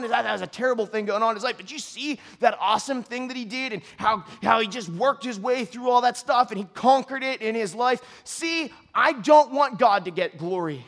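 High-voiced pastor preaching a sermon. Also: male voice, brisk, few pauses. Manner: earnest, confessional, swings from quiet to shouting.

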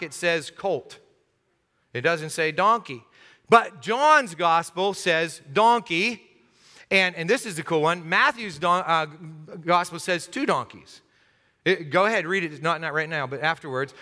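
A male pastor preaching a sermon, telling the story with lively humor and acting out the scenes for his listeners. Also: fairly high pitch, long reverb tail.

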